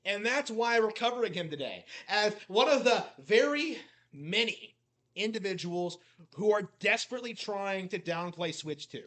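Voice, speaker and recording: A man with a notably high voice rambles through mocking reaction commentary. He leans on "like" constantly and sounds scornful toward his subject. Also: animated, moderate pace, fairly bright tone. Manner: mocking, heavy use of "like" fillers. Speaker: commentary YouTuber.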